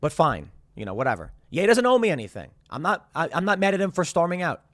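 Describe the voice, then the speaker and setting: A man's voice: a little high, fast talker, no echo, clean studio sound. A man in his thirties hosting a show, talking casually and rambling through restarts as he recounts a guest's exit. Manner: rambling, restarts, quotes others in animated asides. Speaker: show host. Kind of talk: casual commentary to camera.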